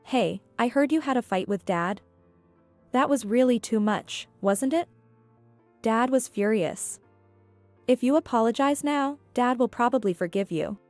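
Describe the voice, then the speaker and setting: A woman's voice: a little high, animated, a little slow, darkish tone, no echo, soft background music. A woman voicing a self-centered young adult son who talks in a dismissive, pushy way.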